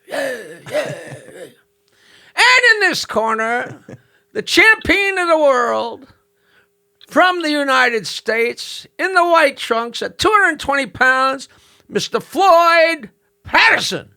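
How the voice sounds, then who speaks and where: A man's voice: very high-pitched, very animated, takes it slowly, bright, forceful tone, pitched above the performer's own voice, full character voice. A man voicing a grand male boxing ring announcer, drawing out each introduction. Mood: grandiose.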